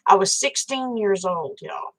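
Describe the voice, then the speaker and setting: A woman hosts a live stream, telling a story frankly and chattily, swearing casually and addressing her viewers directly. Her medium-pitched voice is animated and a bit bright, at a measured pace, on a low-quality recording.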